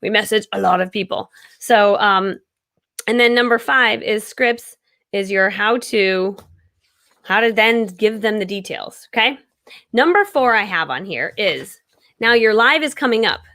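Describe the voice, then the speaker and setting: A woman in her thirties hosting a live-stream coaching session, talking casually, loudly and energetically and laughing often. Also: mid-range voice, unhurried.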